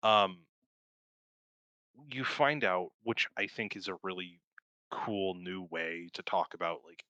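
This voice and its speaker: Young male co-host, low pitch and bright, forceful tone, rambling and profane, laughs often. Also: takes it slowly, no room sound, muffled recording. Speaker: podcast co-host. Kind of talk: casual film review chat.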